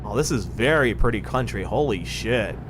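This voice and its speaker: A man's voice: fairly low pitch, lively intonation, normal speed, noisy background. A man chatting casually on a live stream while playing a game, rambling, thinking aloud and swearing freely. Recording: clear music playing behind.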